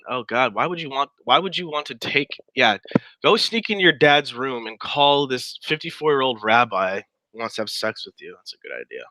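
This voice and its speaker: A man's voice: medium pitch, sing-song, moderate pace, bright, forceful tone, no room sound, low-quality recording. A man giving casual, sarcastic commentary while reading through a chat log aloud, with wry asides.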